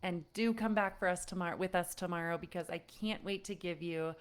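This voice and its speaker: Animated woman coaching parents. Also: on the low side, a little fast, clean tone. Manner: animated, acts out frustrated parent voices, laughs often. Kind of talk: live online parenting lesson.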